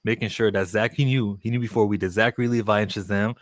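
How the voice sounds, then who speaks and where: A man's voice: lowish voice, steady tone, fast talker, no room sound. A man calling in to a live stream to joke around, rambling and stumbling over his words. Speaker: caller. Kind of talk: joking call-in comment.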